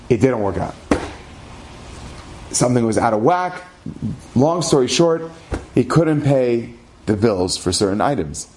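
Brief: inspirational male storyteller, dramatic pauses, lively. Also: medium pitch, a little hiss or hum. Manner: animated, dramatic pauses, shifting pace.

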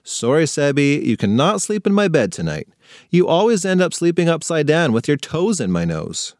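A man's voice: on the high side, very animated, moderate pace, darkish tone, no echo, clean studio sound, voice pushed up. A man voicing an exasperated young girl, the bossy older sister in a storybook for kids. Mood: patient.

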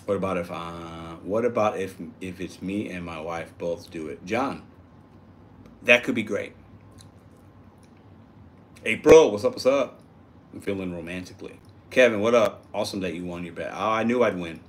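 A man's voice: deep voice, normal speed, pauses often, a little hiss or hum. A man hosting a casual livestream, reading out and answering viewer comments in an upbeat, chatty way. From Puerto Rico. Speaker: livestream host reading chat.

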